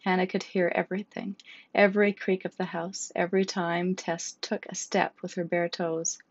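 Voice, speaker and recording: A woman narrating a storybook in a steady, measured way. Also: on the low side, dry recording. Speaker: audiobook narrator. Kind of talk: scripted narration. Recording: dull, dry lo-fi recording.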